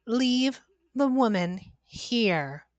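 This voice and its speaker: A woman voicing a mysterious caller in a game, speaking slowly, coldly and threateningly, a little lower and quieter than her own voice. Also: very animated, no room sound, muffled recording, exaggerated voice. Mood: menacing.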